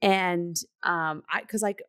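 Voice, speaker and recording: A woman's voice: fairly low pitch, steady tone, slow pace, a bit bright, clear, resonant tone, dry recording, studio quality. A woman in her thirties co-hosting a casual chat, rambling with fillers and restarts. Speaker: podcast co-host.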